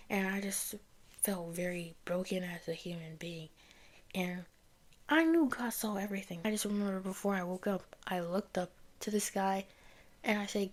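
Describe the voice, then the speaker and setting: A young woman recounts her own story in loose, conversational talk, full of "like" and "y'all". Her voice often sinks to a soft near-whisper. Her pitch sits in a middle range for a woman. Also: moderate pace. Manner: chatty, heavy use of "like" and "y'all", often drops to a near-whisper. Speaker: vlogger sharing a faith testimony. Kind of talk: casual personal storytelling.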